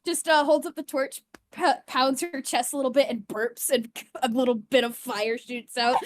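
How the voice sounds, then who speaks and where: A woman playing a tabletop game, giggly and excitable as she describes her character. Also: high voice, moderate pace, background noise. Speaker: player.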